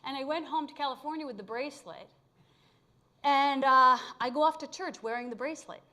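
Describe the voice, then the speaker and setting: A middle-aged woman speaker telling a personal story to a spiritual congregation, candid and animated, with blunt humor. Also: high voice, brisk. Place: live talk at a spiritual community gathering.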